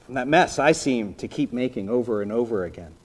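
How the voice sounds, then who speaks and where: A man preaching a sermon in a conversational storytelling manner, briefly acting out the people in the story and dropping to a soft voice for emphasis. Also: medium pitch, expressive, fairly quick. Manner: conversational storytelling, voicing biblical characters, drops to soft emphasis. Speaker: pastor.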